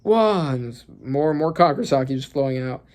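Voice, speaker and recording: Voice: mid-range voice, a little fast. A young adult reacting to a new manga chapter in casual commentary, reading panels aloud with gasps, laughs and a lot of fillers. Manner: excitable, gasping and laughing, lots of fillers.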